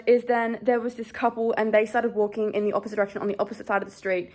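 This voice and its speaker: A woman's voice: a little high, little pitch movement, fast talker, few pauses. A young woman vlogger, shaky and scared, rambling through a story in casual chat with lots of "like". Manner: shaken, rambling, heavy use of "like".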